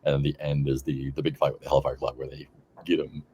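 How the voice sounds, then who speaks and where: A man in casual chat, brainstorming a story plot hesitantly with many pauses and restarts. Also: a bass voice, level tone, dark tone, a little hiss or hum. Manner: hesitant, full of ums and restarts. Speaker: game player.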